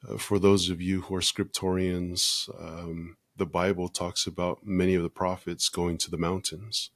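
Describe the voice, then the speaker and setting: A man with a very low voice speaks as a podcast guest, earnest and measured, often pausing to gather his thoughts. The sound is close and dry, with no room echo. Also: flat delivery, a bit bright. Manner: measured and earnest, with frequent pauses and fillers. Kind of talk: reflective interview conversation.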